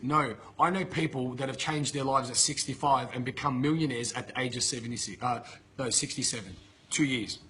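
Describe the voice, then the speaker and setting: A man's voice: medium pitch, normal speed, a bit bright, a little hiss or hum. A man giving a blunt, emphatic motivational talk to camera, swearing freely and ranting at his listeners. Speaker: motivational coach. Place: filmed in Bali with a camera operator.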